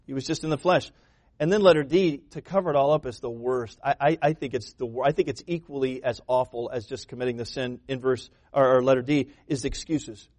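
A man's voice: medium pitch, fairly quick, darkish tone, no room sound. A man preaching a sermon with emphatic delivery, repeating words for stress and acting out quoted voices. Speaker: pastor.

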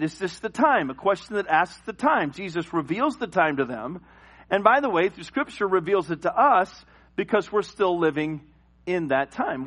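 A man preaching a sermon in church, telling a lively personal story and acting out the voices in it. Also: high-pitched, moderate pace. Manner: animated storyteller who acts out voices. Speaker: pastor.

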